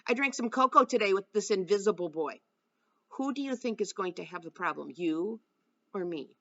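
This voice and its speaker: A woman reading the lines of a blind teenage girl who talks in a chatty, matter-of-fact, gently bossy way, in a dull lo-fi recording. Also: mid-range voice, expressive, moderate pace. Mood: teasing.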